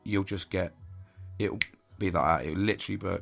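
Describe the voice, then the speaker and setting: A man's voice: deep voice, normal speed, gravelly, faint music behind. A man hosting a podcast, talking bluntly and intensely in a candid monologue, swearing heavily and pressing his points hard. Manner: emphatic and intense. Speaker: podcast host.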